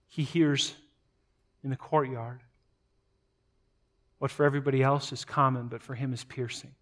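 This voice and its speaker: A man preaching a sermon, retelling a scripture story dramatically, moving between loud emphatic passages and quiet low asides, often repeating words as he goes. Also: level tone, normal speed, long pauses. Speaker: pastor.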